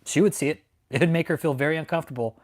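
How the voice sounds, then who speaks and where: A man's voice: on the high side, fast talker, darkish tone. A man hosting a live stream, ranting in anger, swearing a lot and repeating his threats, from Texas. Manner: heated, profane, repetitive. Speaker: channel host. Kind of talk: angry livestream rant. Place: home in San Antonio.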